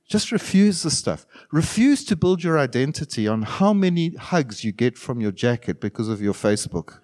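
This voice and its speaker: A middle-aged man preaching a sermon as pastor, animated, with sudden loud bursts and quiet asides. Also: medium pitch, moderate pace, hardly any pauses.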